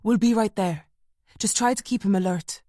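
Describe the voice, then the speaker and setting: A calm man giving brisk first-aid questions over a radio in an audiobook thriller, voiced by a woman narrator. He speaks quickly and steadily, in a matter-of-fact way, and the recording is dry and close. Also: mid-range voice, dry recording, lightly acted.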